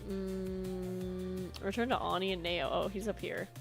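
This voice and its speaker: A young woman streaming a game, chatting casually and telling a rambling, animated story full of fillers. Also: on the low side, fast talker, gravelly, music in the background. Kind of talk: casual gameplay chat and storytelling.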